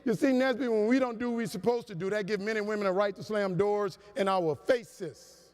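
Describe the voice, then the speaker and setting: High-voiced man telling stories in a big hall. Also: a little fast. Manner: animated, humorous, preacher-like cadence. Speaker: motivational speaker. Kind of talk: storytelling keynote speech. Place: large conference hall. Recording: long hall reverb.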